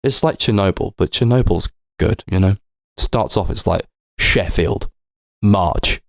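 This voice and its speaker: A man's voice: deep voice, measured pace, no room sound, studio quality. Rambling man, casual film chat. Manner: rambling, swears, acts out silly quoted voices. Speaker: podcast co-host.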